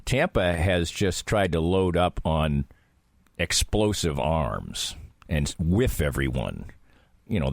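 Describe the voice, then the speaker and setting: A man's voice: low voice, no room sound, clean studio sound. A man who is a regular guest on a sports show, chatting in a laid-back way and laughing easily. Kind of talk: casual sports talk.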